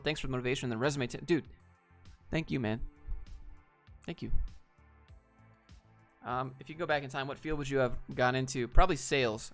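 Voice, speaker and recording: A man's voice: on the high side, bright, forceful tone. Laid-back man answering live chat. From Georgia, US. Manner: laid-back, reads viewer questions aloud and answers bluntly, says dude. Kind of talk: casual livestream chat.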